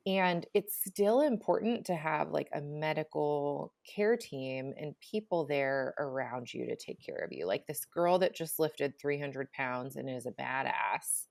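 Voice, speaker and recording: A woman's voice: sits low, unhurried, vocal fry, hardly any pauses, dry recording, studio quality. A young adult woman hosting a podcast, talking reflectively and directly to her listeners. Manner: reflective, speaking straight to listeners. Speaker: podcast host. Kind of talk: earnest podcast talk.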